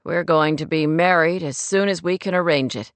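An earnest young man in love, quietly troubled, his voice dropped low and a touch husky, as a woman reads him in a storybook. He speaks in a subdued, even way, and the recording is dry and close. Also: normal speed, no room sound, close to an everyday voice. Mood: steady.

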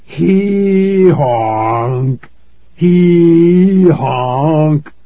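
A man's voice: a little high, lively intonation, drawn-out words, no room sound, pitched above the performer's own voice, exaggerated voice. A man voicing a boy who babbles nonsense and honks like a strange creature, on a dull, lo-fi recording. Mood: eerie babbling.

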